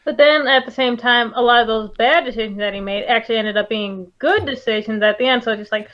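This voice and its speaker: A woman co-hosting a casual movie review chat, animated and swearing often. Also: fairly high pitch, quick pace. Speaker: podcast co-host. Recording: dull lo-fi audio.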